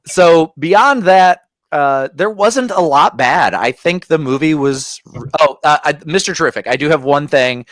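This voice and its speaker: A man's voice: fairly high pitch, unhurried, fairly bright tone, dry recording. A man co-hosting a casual podcast, giving an opinionated movie review full of fillers and gripes. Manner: opinionated, ranting with frequent fillers. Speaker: podcast co-host.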